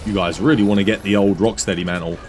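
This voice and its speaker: A man's voice: fairly low pitch, steady tone, quick pace, darkish tone, soft background music. A young Australian man casually chatting on a game stream, laid-back and chatty as he explains tips to viewers. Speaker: streamer and coach. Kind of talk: casual gameplay stream chat.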